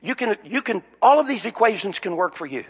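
An older male pastor preaching a sermon with a high, husky voice. He tells stories and rises to shouting peaks. The recording is dull and lo-fi. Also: expressive, fairly quick. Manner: storytelling preacher building to shouted climaxes. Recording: dull lo-fi sound.

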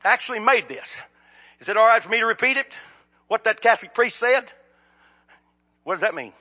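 A man preaching a sermon, swinging from shouted appeals to low, quiet asides. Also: lively intonation, fairly quick, highs cut off. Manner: impassioned, rises to shouts then drops low.

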